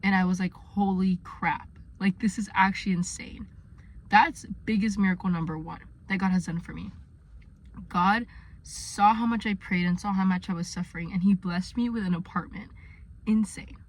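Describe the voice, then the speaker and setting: A woman's voice: mid-range voice, normal speed. Young adult woman, earnest, filler-heavy vlogger, recorded inside her car. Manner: chatty, earnest, many fillers. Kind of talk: casual faith vlog.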